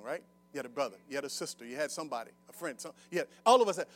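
A man preaching a sermon to his congregation as pastor. He calls for responses from the crowd, swings between loud bursts and quiet talk, and drops in casual joking asides. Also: fairly high pitch. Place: church service before a congregation.

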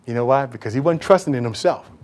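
A pastor preaching a sermon emphatically, often repeating words for stress. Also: male voice, mid-range voice, fast talker, a little mellow.

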